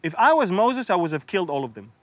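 Fast and very animated, a high-pitched man delivers a humorous Bible sermon, playing the biblical figures with sarcasm and laughter. The recording is dry.

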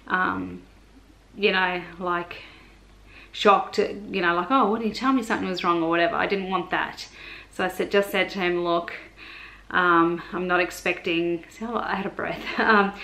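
A woman's voice: mid-range voice, a bit bright, rough recording. A young adult woman, chatting in a rambling way in a casual vlog and retelling conversations with many fillers. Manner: chatty, rambling, lots of fillers and retold dialogue. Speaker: vlogger. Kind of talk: casual pregnancy update vlog.

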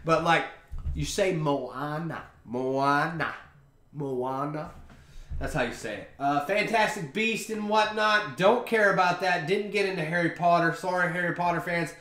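A man's voice: high-pitched, moderate pace, few pauses, sharp tone. A young man hosting a podcast, chatting in a rambling, offhand way over a beer. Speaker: podcast host. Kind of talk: casual chat. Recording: roomy echo.

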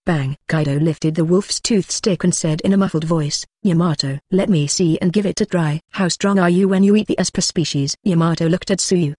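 A text-to-speech audiobook narrator reading a translated novel in a steady, even delivery, with dialogue and narration read alike. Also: medium pitch, no echo, clean studio sound. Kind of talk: flat synthetic audiobook reading.

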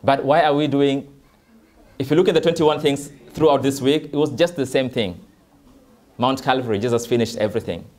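A man preaching at a church service, his voice sitting at an ordinary middle pitch. He talks in an earnest, loose and conversational way, often pausing with fillers. The tone is that of a pastor encouraging his congregation. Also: darkish tone. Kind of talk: sermon.

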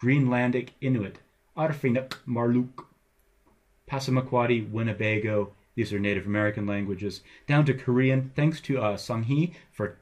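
A man's voice: mid-range voice, normal speed, few pauses, darkish tone. A middle-aged male English professor giving a recorded lecture over slides, with a wry, playful teacher's manner.

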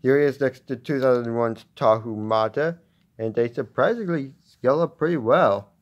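A man casually reviewing a toy at home, talking in a halting way with many restarts. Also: mid-range voice, lo-fi sound. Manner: halting, with frequent restarts and fillers.

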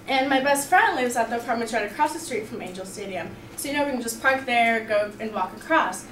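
A woman's voice: on the high side, animated, a little fast, a bit bright. Chatty young woman telling a story in an echoey room. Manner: chatty, upbeat, lots of "like" and "you know". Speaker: student storyteller. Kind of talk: personal story told to a class. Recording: echoey room, far from the mic, faint background noise.

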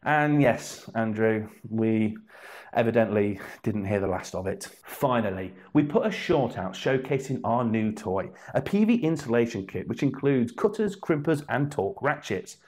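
A man's voice: medium pitch, animated, normal speed, darkish tone. A man presenting a scripted comedic roundup of viewer comments with playful sarcasm and mock exasperation. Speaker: segment presenter.

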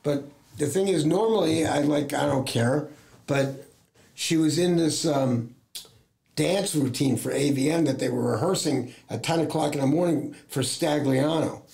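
A middle-aged US talent agent, interviewed as a guest, rambles casually through anecdotes while acting out other people's words and using frequent fillers. His slightly high voice is gravelly and darkish, delivered at a moderate pace.

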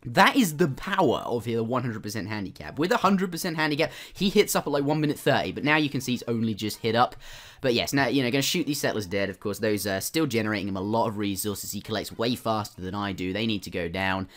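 A man's voice: fairly low pitch, expressive, fast, a bit bright. Casual man commentating gameplay. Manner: casual, chatty, frequent fillers and restarts. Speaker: gaming YouTuber.

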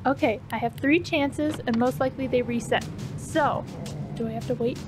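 A woman commenting on her gameplay, gasping often and repeating excited exclamations. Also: sits high, moderate pace. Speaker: let's play gamer. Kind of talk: let's play commentary. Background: game music.

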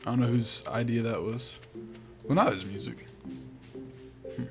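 A man's voice: medium pitch, steady tone, normal speed, music in the background. A man giving casual, chatty gameplay commentary, thinking aloud and trailing off as he plays. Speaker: let's play host.

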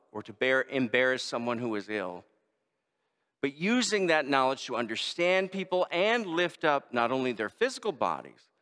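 A pastor delivers a sermon in a medium-pitched voice that rises and falls with lively emphasis. His words carry a long reverb from a large church sanctuary. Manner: lively preaching with quoted voices.

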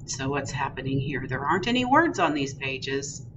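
A woman who is a children's librarian, reading a picture book aloud in an animated, sing-song way for a virtual storytime. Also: rumbling low, normal speed. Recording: distant, dull recording with loud background hiss.

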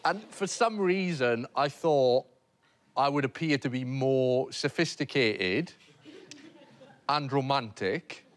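A man's voice: medium pitch, slow pace. A Welsh man telling an embarrassing story on a comedy panel show, hesitant and self-deprecating, with many fillers and restarts. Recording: noisy TV studio recording.

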